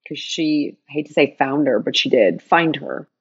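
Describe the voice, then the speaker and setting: A woman telling a personal story in an interview, animated, acting out quoted dialogue with big jumps in her voice. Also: very deep voice, moderate pace, husky, dull audio.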